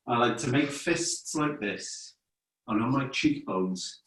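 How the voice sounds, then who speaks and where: A man with an English accent, a children's theater performer guiding families through face and voice warm-ups in a playful, encouraging way on a video call. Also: fairly low pitch, takes it slowly. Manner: playful, encouraging, instructing step by step. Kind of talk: guiding an interactive family webinar. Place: home room on a video call. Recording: echoey room, distant from the mic.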